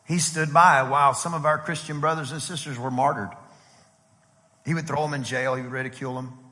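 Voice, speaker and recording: Bright-voiced preacher man in a reverberant church. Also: medium pitch, fairly quick. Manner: animated, conversational preaching with acted-out quotes. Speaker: pastor. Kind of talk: sermon. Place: church sanctuary. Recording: long hall reverb from a church.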